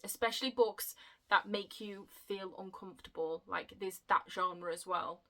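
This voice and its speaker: A young woman chatting casually to camera about her book haul, excitable and quick to laugh at her own slips. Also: mid-range voice, poor audio. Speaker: book vlogger.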